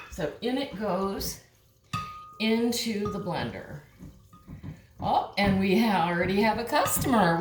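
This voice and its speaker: A woman's voice: medium pitch, background noise. An older woman giving a chatty, encouraging cooking demonstration at home, talking to viewers and her dog. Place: home kitchen. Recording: echoey kitchen, mic far off, clattering pots. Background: dishes and pans clattering.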